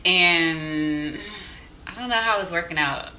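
Speaking slowly in a fairly low, pushed and bright voice, a woman chats with her viewers, whom she calls "y'all," telling stories as she strolls by a lake and later cooks at home. There's slight background noise in this casual vlog.

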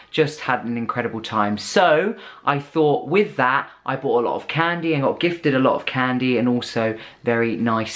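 A chatty British man from the UK, talking through snacks in a casual taste-test vlog. His voice sits at an everyday middle pitch, and he stays upbeat and enthusiastic as he describes each one. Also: fairly bright tone. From United Kingdom. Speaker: vlogger.

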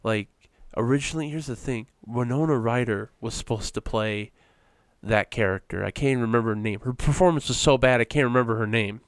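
A podcast co-host chats casually, rambling along with plenty of fillers and restarts. His medium-pitched voice moves briskly, and there's no room sound.

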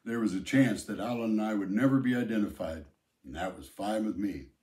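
A man reading a novel aloud in the first person, with a measured, plain delivery. His voice sits on the low side, and the recording has a noticeable room echo. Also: darkish tone. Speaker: audiobook narrator. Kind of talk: first-person audiobook narration. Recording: roomy echo.

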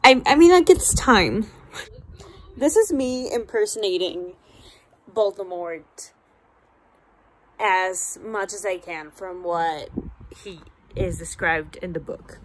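A woman chatting in a casual vlog, animated and swearing freely as she reacts to a book. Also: medium pitch, slow pace, long pauses. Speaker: book vlogger.

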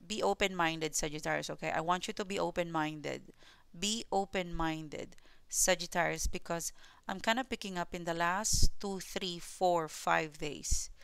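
A woman's voice: on the low side, creaky, a bit bright, clean tone, no room sound. A woman with a mixed Filipino and New Zealand accent, giving a tarot reading to viewers in a repetitive, reassuring way. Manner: repetitive and reassuring, often adding "okay?". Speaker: tarot reader.

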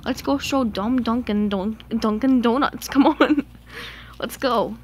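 Eager male engine, voiced by a woman, chatty, high-pitched, unhurried. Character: cheerful male engine leading his friend. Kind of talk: homemade toy play-acting.

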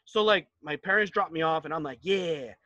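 A young man from New Jersey tells campers a personal story, high-pitched and bright. He acts out the dialogue and drops low for asides. The sound is close and dry. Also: fast, dry recording, lo-fi sound. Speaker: camp speaker. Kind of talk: storytelling talk.

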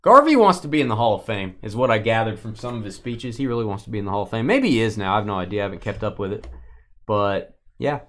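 A man hosting a live sports card break, joking with his co-host and calling out cards with bursts of excitement. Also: fairly low pitch, quick pace.

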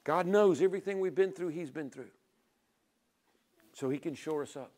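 A middle-aged male pastor preaching a sermon in a fairly high voice. He urges loudly, then drops into quiet, almost whispered lines. He acts out little dialogues with God and people as he goes. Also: normal speed. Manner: swings from loud urging to quiet near-whispers.

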